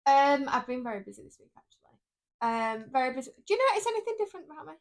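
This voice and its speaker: A woman co-hosting a podcast in casual chat, an animated storyteller who laughs as she talks. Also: sits high, very fast. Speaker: podcast co-host.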